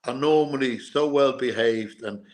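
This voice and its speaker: A former boxer and bodyguard from Ireland, speaking with an Irish accent mixed with English, chats as a guest in a casual interview. His mid-range voice is unhurried, and he tells his stories earnestly, repeating himself and restarting often.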